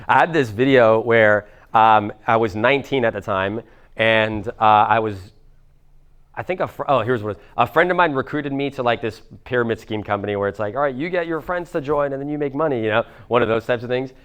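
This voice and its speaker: Young man, Miami accent, rapid talk, smooth clear voice, casual profane seminar coaching. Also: mid-range voice, fairly bright tone. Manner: casual, profane, fast, many fillers like "like" and "bro". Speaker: business coach. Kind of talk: live seminar talk to an audience.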